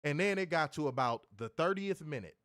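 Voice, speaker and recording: A man's voice: fairly high pitch, lively intonation, fairly quick, a bit bright, dry recording, clean studio sound. A man co-hosting a wrestling review show, ranting in casual, profane talk and repeating words as he gets heated. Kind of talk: casual podcast rant.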